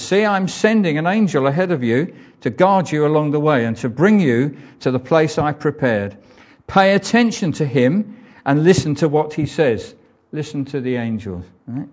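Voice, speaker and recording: A man's voice: on the high side, darkish tone. An older man preaching a conversational sermon, reading scripture aloud and reflecting on it. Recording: dull lo-fi church recording.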